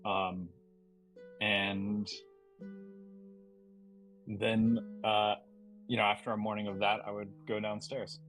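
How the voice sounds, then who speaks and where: A man's voice: fairly low pitch, little pitch movement, slow, pauses often, a bit bright, faint music behind, rough recording. A man playing in a tabletop game, describing his actions hesitantly with many fillers. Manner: hesitant, full of likes and ums. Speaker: player.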